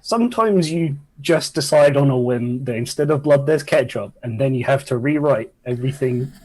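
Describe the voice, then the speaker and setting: Husky male game master. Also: mid-range voice, normal speed, darkish tone, rough recording. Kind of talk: narrating a tabletop game.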